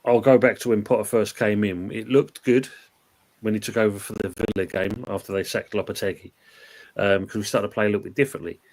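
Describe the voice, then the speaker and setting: A man's voice: on the low side, fairly even intonation, quick pace, a little mellow. A man hosting a casual live-stream football chat, rambling along and reading out viewer comments. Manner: chatty, reads out viewer comments. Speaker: host.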